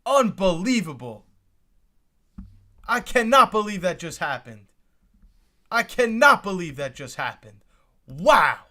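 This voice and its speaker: A young man hosts a live reaction stream, full of exclamations and repeated lines. His voice sits high for a man and has a bright, forward edge. He keeps turning to talk to his chat. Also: big pitch swings, slow pace, long pauses. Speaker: livestream host reacting to the draft.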